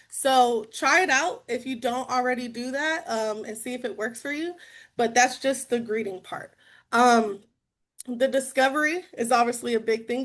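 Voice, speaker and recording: A woman's voice: fairly high pitch, fairly bright tone. A woman guest speaker giving a bubbly, chatty sales-training talk over a video call.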